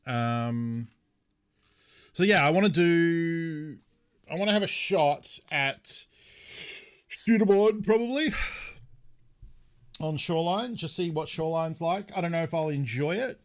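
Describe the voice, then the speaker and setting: A young Australian man streams a game and chats casually with his viewers, rambling, answering chat, and swearing lightly in a relaxed way. His voice is fairly high, and he talks at a measured pace with long pauses.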